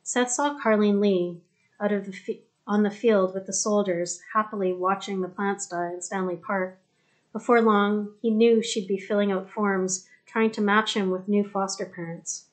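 A woman narrating a novel in a steady, even voice. Her pitch sits in the middle of the range, and she reads at an even storytelling pace. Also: moderate pace. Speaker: audiobook narrator. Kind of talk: scripted narration.

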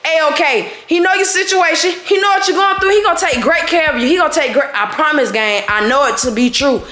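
A woman vlogger, out of breath, excitedly hyping her viewers in slangy talk. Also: sits high, a little fast, reverberant. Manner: hyped, slangy, shouting to viewers. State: out of breath, sweating. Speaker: vlogger pulling a prank. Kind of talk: excited vlog outro.

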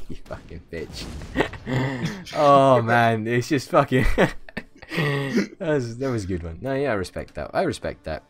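A man's voice: mid-range voice, very animated, slow. A man hosting a let's play, bantering casually and swearing freely in mock outrage on a voice call.

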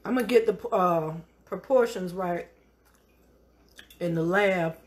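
A woman's voice: on the low side, slow pace. A middle-aged woman hosting a live cooking show, encouraging and a bit preachy, calling her viewers honey as she chats.

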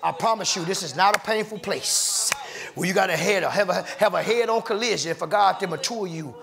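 Crowd noise fills the church sanctuary as a man with a high, gravelly voice preaches a little fast. He works a fervent call-and-response rhythm with repeated refrains, laughing between phrases and rising to shouts.

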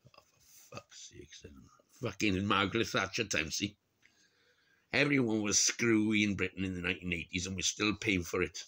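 A man's voice: sits low, steady tone, a little fast, bright, forceful tone. A middle-aged man from Wales with a Welsh accent, ranting alone and swearing in exasperation, his voice jumping up in mocking bursts. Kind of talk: solo rant to camera.

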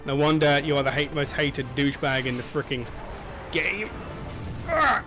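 Young man, gameplay commentary, excitable, animated pitch, faint music behind. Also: moderate pace. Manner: excitable, yelps and laughs at the game. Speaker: gaming channel host.

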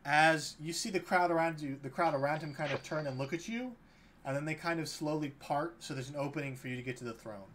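A man serving as game master, narrating a tabletop game in a relaxed, loose way. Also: a little high, fairly quick, slight background noise.

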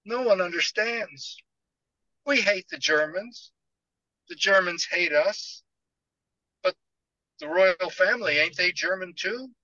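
A distraught housemaid, her voice climbing high and cracking through sobs as she pleads in plain working-class speech, as a male reader puts her on. It has a dull, lo-fi sound. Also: slow pace, long pauses, bright, forceful tone, dry recording, distant mic, heavily acted. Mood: bewildered. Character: grieving female London housemaid, tearful and distraught.

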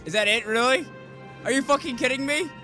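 A man hosting a let's-play, excitable and foul-mouthed, yelling at the game as he plays. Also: extremely high pitch, brisk. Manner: excitable, swears a lot, yells at the game. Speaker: gaming channel host. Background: game music.

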